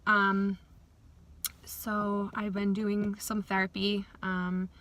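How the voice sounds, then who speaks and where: A woman giving a candid, rambling personal video update, speaking plainly with many pauses and fillers. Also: mid-range voice, little pitch movement, a bit bright. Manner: speaks plainly about grief and dieting. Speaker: vlogger.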